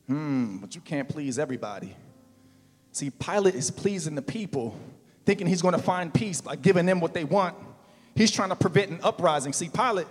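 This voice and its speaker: A male pastor preaching a sermon in a casual, slangy way, building to loud, emphatic calls. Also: high-pitched, big-room sound.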